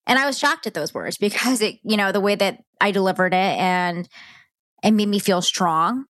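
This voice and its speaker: Middle-aged woman, candid podcast storyteller, mid pitch, dry close sound. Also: normal speed, a bit bright, no echo. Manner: candid, conversational, heartfelt. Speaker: podcast host. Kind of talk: personal storytelling monologue.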